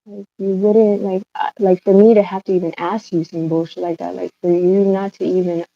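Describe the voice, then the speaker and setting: A woman pours out an emotional, rambling rant on a livestream, swearing as she goes. Her voice sits at a mid pitch. The phone audio is slightly dull and dry. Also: flat delivery, normal speed, gravelly, no room sound. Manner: upset, rambling, swears a lot.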